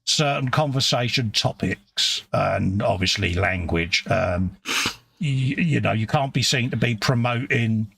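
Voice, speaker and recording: A man's voice: lowish voice, expressive, measured pace, vocal fry, fairly bright tone, husky. A man co-hosting a casual live stream, reading out viewer comments and greeting them by name. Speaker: co-host of a live modelling stream.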